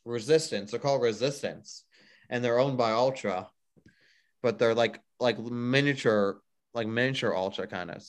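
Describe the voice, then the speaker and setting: A man's voice: medium pitch, normal speed. A man co-hosting a casual music news chat, rambling and filling with "like" a lot. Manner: rambling, heavy use of "like". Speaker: podcast co-host.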